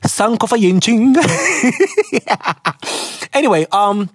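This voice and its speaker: A woman's voice: on the high side, sing-song, extremely slow, slightly rough, dry recording, clean studio sound. A young woman hosting a podcast and reading listener letters in a casual, chatty way. She laughs often, wanders off on tangents and mixes Twi slang into her talk. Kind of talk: casual chat.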